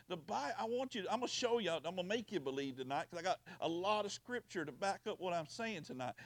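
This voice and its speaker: Middle-aged pastor, fairly high voice, dynamic pulpit delivery, close dry mic. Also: male voice, no room sound. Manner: animated preaching, swinging from loud to quiet. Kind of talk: sermon. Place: church. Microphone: handheld or stand mic with sound operator.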